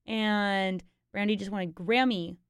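A woman's voice: mid-range voice, steady tone, measured pace, smooth, no echo, clean studio sound. A young woman co-hosting a casual local-events podcast, playful and full of "like". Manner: playful, uses lots of "like". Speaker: podcast co-host.

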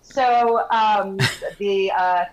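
Animated woman in her fifties, laughing. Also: mid-range voice, very slow, muffled recording. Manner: animated, laughing, swears freely, acts out dialogue. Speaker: podcast guest. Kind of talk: casual storytelling.

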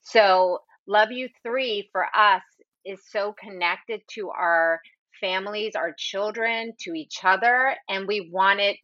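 A woman co-founder being interviewed, telling a personal family story in a tender, animated way. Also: medium pitch, slow pace, no room sound, highs cut off. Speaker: business co-founder guest.

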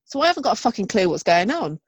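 A woman talks frankly on a podcast, her voice bouncing up and down in pitch as she gets flustered about her plans. The sound is close and dry, with almost no room around her. She swears casually and leans on fillers like "um" and "so". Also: big pitch swings, fast, husky, no room sound. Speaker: podcast co-host. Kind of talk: casual chat.

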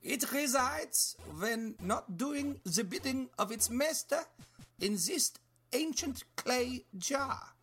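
A performer voicing a scheming woman pickle boss with a German accent who speaks in slow, grand pronouncements. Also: high voice, animated, fairly bright tone, slightly rough, soft background music, voice pushed up, heavily acted. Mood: grandiose.

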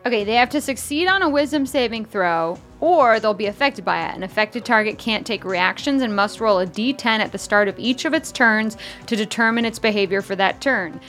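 A woman's voice: fairly high pitch, brisk, hardly any pauses, soft background music. A woman playing a tabletop game, reading out her spell rules and talking through her moves. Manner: reads rules aloud, gets excited over rolls. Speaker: player.

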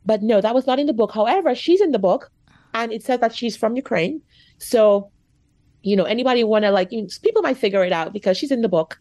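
A guest author from America tells a personal story in an interview, her fairly high, warm voice animated and fast. She chats freely, saying "like" and "you know" often, and grows choked up, all captured in a dry recording.

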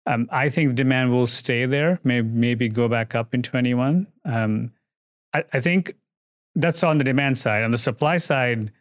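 Male industry guest, middle pitch, thoughtful and halting, dry close recording. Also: dry recording. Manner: thoughtful, hedging, frequent fillers and restarts. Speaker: guest, oil industry executive. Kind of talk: business interview conversation.

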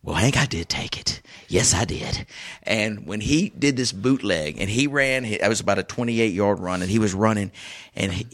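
Man, sports show host, excitable storyteller, low-pitched. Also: normal speed. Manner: excitable storyteller, animated bursts. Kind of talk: casual sports chat.

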